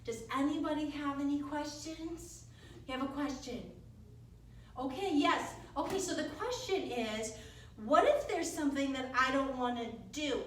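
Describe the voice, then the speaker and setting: A woman guides small children through a yoga class with a bright, sing-song warmth. Her voice sits high, and she is heard from some distance. The studio around her is very echoey, with a faint hiss of room noise. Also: moderate pace. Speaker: kids yoga teacher.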